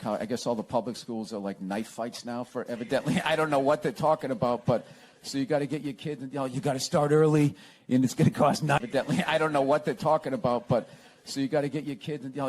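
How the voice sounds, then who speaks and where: A comedian guest in a casual interview rants sarcastically and laughs often while telling stories. His voice is medium in pitch with a darkish tone.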